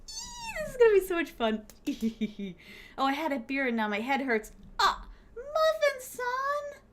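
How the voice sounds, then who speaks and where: Very high-pitched and swinging hugely in pitch, this young woman's voice is a bit bright, with a little hiss or hum in the audio, and her pace is measured. She's gaming on stream, giggling and chatting with viewers, dropping fillers, squealing suddenly and using pet names for her audience.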